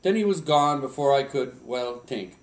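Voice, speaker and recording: A man's voice: mid-range voice, animated, moderate pace, close to an everyday voice. A man putting on a mock Swedish accent to voice a tipsy old lumberjack, reciting a Christmas poem in a sing-song, chuckling way. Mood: jolly. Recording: roomy home recording from a distance.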